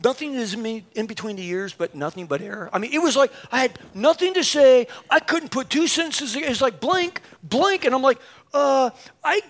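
High-voiced animated male preacher. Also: brisk. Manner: animated, self-mocking storyteller acting out dialogue. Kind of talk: sermon with a personal story.

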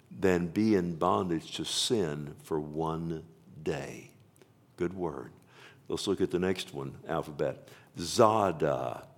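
Slow-stressing man preaching a sermon. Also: low voice. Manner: preaching with rising emphasis, slowing to stress scripture; calls out "Amen?" to the congregation. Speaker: pastor.

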